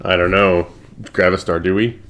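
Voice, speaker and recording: A man's voice: sits low, fairly even intonation, normal speed, background noise. A man playing a tabletop game, chatting casually and making playful quips. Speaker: player. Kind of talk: casual play talk.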